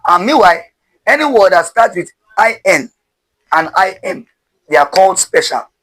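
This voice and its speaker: A man's voice: high-pitched, very animated, moderate pace, fairly bright tone, poor audio. A man teaching pronunciation step by step, drilling syllables with call-and-response and asking rhetorical questions.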